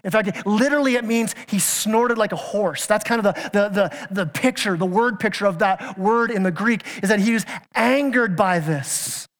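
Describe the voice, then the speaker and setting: A man's voice: high-pitched, moderate pace, few pauses. A man preaching a sermon as pastor, earnest and emphatic, asking his listeners question after question and sometimes stumbling into restarts. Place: church sanctuary. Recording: church hall with long reverb.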